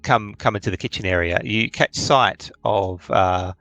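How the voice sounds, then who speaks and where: A man narrating a tabletop game as game master, halting and full of fillers. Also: on the low side, sharp tone, no room sound, soft background music.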